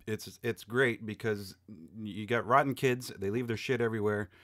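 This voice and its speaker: A man's voice: lowish voice, fairly even intonation, normal speed, fairly bright tone, dry recording. Blunt, wisecracking man with a dry sound. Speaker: podcast co-host. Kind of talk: casual podcast chat.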